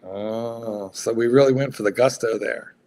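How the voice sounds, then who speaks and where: A man's voice: medium pitch, fairly even intonation, unhurried, a little mellow. A man co-hosting a casual livestream, making wry, laughing asides. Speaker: livestream co-host.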